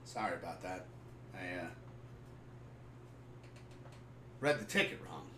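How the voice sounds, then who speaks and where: Man doing a quiet older dad, low and mumbling, sheepish, echoey room, far mic. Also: sing-song, moderate pace, background noise.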